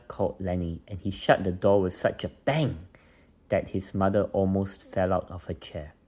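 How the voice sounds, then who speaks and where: A father reading a bedtime story aloud to his children, gently putting on voices for the characters. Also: deep voice, unhurried.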